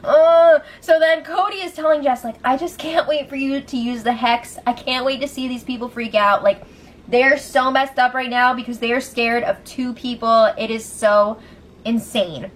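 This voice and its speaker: A woman recapping a reality show in casual chat, animated, laughing often and acting out what people said. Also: sits high, normal speed, slight background noise. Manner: animated, laughing, acts out quotes, swears. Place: room at home.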